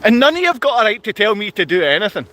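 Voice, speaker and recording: A man with a piercing, very high voice rants at his viewers in a livestream. He hurls insults and yells as he talks, tense and forceful throughout. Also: very animated, rapid-fire, slight background noise. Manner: ranting, insulting, yelling at viewers. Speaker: vlogger. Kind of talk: angry livestream rant. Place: outdoors in his town.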